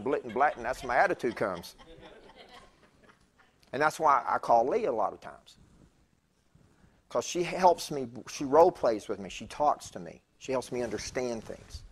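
A man in his fifties giving a conversational sermon as a guest preacher in a church, chatty and digressive, with stammered restarts. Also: mid-range voice. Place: church sanctuary.

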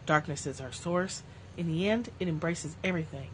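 A woman reads spiritual passages aloud on a livestream in a low, even voice. She moves slowly and reflectively through the text, now and then slipping into light, self-mocking asides. A faint steady hum sits under her voice, as if recorded on a phone. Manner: calm, slow reading, breaking off into joking asides. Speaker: livestream host reading spiritual texts. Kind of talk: reflective reading with casual asides.

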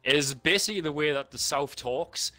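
A man's voice: on the high side, normal speed, sharp tone, no room sound. A man with a North East English accent, a guest chatting casually and bluntly while gaming, swearing freely and laughing often. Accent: North East England. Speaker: guest band member. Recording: noisy with game gunfire behind.

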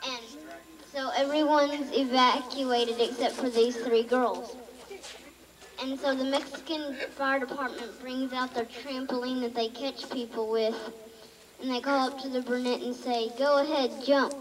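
A woman's voice: a little high, in a large hall. Texan woman telling jokes, recorded from afar. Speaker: family member telling jokes. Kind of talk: casual joke telling at a family party. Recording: home video from far off in a crowded room.

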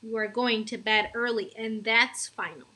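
Woman reader as storybook mom: firm, scolding, bright-toned. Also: a little high, steady tone, normal speed. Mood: stern. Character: stern caring mother of a young boy.

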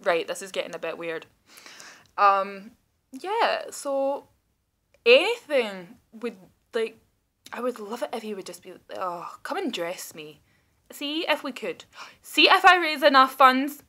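A woman in her thirties records a casual video message from home, rambling and excitable and quick to poke fun at herself. Her voice sits somewhat high, with a bright, forward tone. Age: 30s. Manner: rambling, excitable, self-mocking. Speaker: vlogger. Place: indoors at home, seated.

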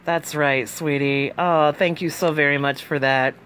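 A woman's voice: sits low, fairly even intonation, unhurried, fairly bright tone, clean tone. Affectionate Southern woman hosting a show. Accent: Southern US, rural Appalachian. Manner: affectionate, calls guests sweetie. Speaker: radio show host. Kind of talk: casual interview chat.

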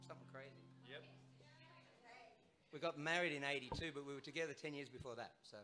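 A man's voice: on the high side, quick pace, sharp tone. A man in his sixties with an Australian accent, a singer telling a chatty, self-mocking story between songs at a live gig. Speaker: singer and bandleader. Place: small live music venue in a barn. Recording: live stage recording with band. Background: guitar and band music.

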